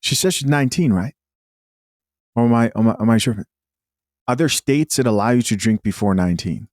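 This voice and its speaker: A man's voice: medium pitch, expressive, a little fast, darkish tone, no room sound, studio quality. A man hosting a reaction show, thinking aloud in a hesitant, wry way. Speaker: host. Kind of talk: reaction commentary.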